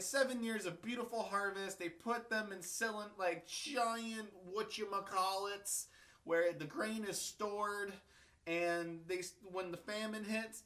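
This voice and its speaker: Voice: medium pitch, a bit bright. A video host retelling a bible story and history in a casual, irreverent, crude, rambling way.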